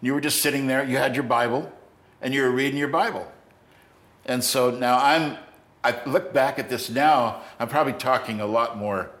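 An older man with a middle-pitched voice hosts a conversation and tells a long personal story. He talks haltingly and often starts a thought over. The room around him sounds echoey. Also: steady tone, fairly bright tone. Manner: halting, with many restarts. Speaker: podcast host.

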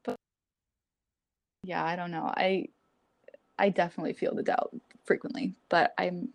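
Speaking with a fairly low, creaky voice and a flat delivery at normal speed, a graduate student in her twenties chats casually as a podcast interview guest. She is upbeat, laughs often and uses many likes, and there is no echo.

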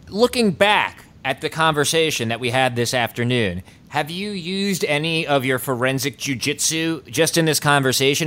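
A man's voice: mid-range voice, a bit bright. A man hosting a podcast interview, talking casually with some fillers.

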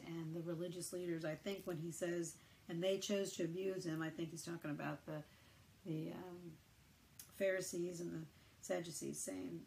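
A woman's voice: fairly low pitch, vocal fry, a little mellow, slight background noise, poor audio. A woman reading the Bible aloud and thinking it through in casual, hesitant talk full of fillers. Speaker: Bible reader.

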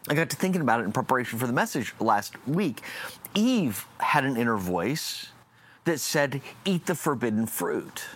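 A man delivers a sermon in a mid-pitched voice that moves freely up and down. He talks in a reflective way and slows right down to press his key phrases home. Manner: lively, reflective delivery with slowed emphatic phrases. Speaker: preacher.

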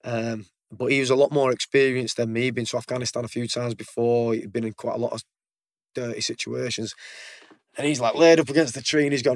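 A man's voice: mid-range voice, steady tone, brisk, no echo. Blunt man telling war stories. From United Kingdom. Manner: blunt, swears freely, repeats words as he goes. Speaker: guest, military veteran. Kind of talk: casual storytelling in conversation.

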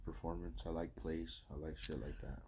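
A man from New co-hosting a casual podcast, laid-back and profane, trailing off into quiet asides. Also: rumbling low, steady tone, normal speed, slightly rough. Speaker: podcast co-host. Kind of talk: casual chat.

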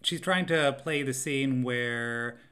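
A man's voice: medium pitch, slow pace, sharp tone. A man co-hosting a podcast in casual chat, talking through scenes and laughing often. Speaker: podcast co-host.

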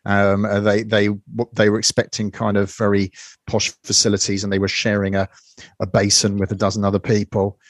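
A man's voice: lowish voice, completely flat delivery, brisk, dry recording, clean studio sound. A man hosting a weekly review show, talking casually with many fillers and restarts. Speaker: host.

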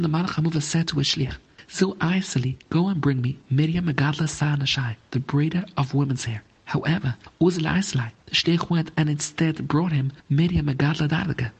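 A man's voice: fairly high pitch, fairly quick, vocal fry, husky. A man teaching Talmud, reading each phrase of the Aramaic text and then explaining it in English.

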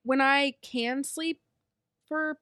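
A woman's voice: sits high, steady tone, slow, bright, forceful tone, no room sound, clean studio sound. A young woman co-hosting a podcast, chatting in an easygoing, agreeable way. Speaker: podcast co-host. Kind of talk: casual chat.

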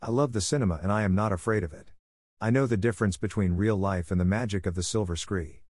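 A man's voice: fairly low pitch, fast talker, darkish tone, no echo, clean studio sound, natural voice. A man voicing a proud, indignant American businessman from the 1890s, speaking sternly and defensively. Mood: defiant. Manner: stern and defensive, raising his voice.

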